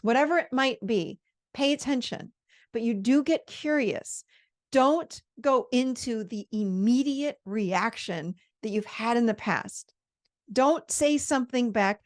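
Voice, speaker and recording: Woman, personal growth host, emphatic delivery, animated and repetitive phrasing. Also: fairly high pitch, a little slow. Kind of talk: talking-head advice talk.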